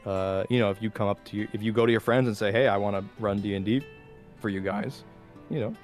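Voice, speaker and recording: Calm young man giving gentle advice. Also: fairly low pitch, soft background music. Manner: calm, reassuring, measured advice. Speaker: guest, the host's brother. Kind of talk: casual chat.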